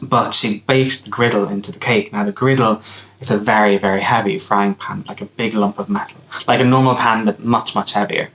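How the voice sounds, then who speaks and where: Relaxed Irish man telling a folk tale. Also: lowish voice, fairly quick, slight background noise, rough recording. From Ireland. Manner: relaxed, hesitant, with many ums and restarts. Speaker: camp counselor, teacher. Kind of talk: casual storytelling of a folk tale.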